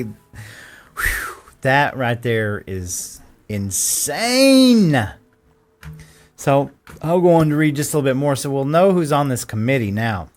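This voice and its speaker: Guy ranting about politics, sarcastic, keeps cracking up reading stuff out. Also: medium pitch. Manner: sarcastic, laughs while reading quotes aloud. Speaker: political commentary host. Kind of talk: casual political commentary.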